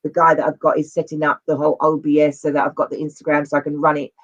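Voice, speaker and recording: A talk show host speaking casually and haltingly, restarting sentences often. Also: mid-range voice, monotone, dull audio. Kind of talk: casual interview chat.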